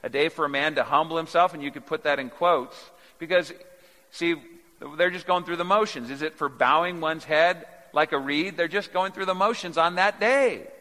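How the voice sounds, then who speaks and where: A man preaching a sermon, swinging from quiet, low asides to loud, emphatic peaks. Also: normal speed. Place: church sanctuary. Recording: long reverb of a large hall.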